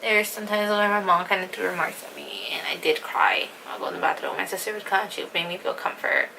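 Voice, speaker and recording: A woman's voice: mid-range voice, fast, gravelly, pushed and bright, slight background noise, poor audio. A young woman vlogger telling a personal story in casual chat, often saying "like" and sometimes dropping to a whisper. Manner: fillers "like", acts out quotes, drops to a whisper at times.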